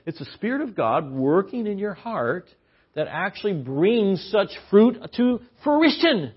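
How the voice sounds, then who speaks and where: A man's voice: sits high, very animated, a little slow, slightly rough. A man preaching a conversational sermon as guest preacher, chatty and given to joking asides. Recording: muffled lo-fi sermon recording.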